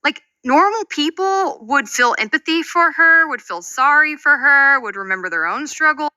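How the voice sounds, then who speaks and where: A woman's voice: sits high, lively intonation, normal speed, pushed and bright, dry recording. A woman commentator speaking with indignant disbelief as she reads out online comments. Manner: indignant, incredulous. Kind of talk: video commentary.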